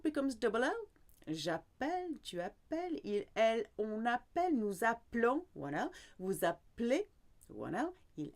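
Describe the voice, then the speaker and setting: A woman teaching verbs in a lively, sing-song lesson, repeating each word as she goes. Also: medium pitch. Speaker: French teacher. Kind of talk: language lesson.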